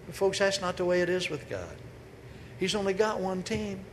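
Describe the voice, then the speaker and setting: A man giving a humorous, storytelling sermon as a preacher, with sudden loud bursts. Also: high-pitched, lively intonation, moderate pace. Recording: echoey hall with faint noise.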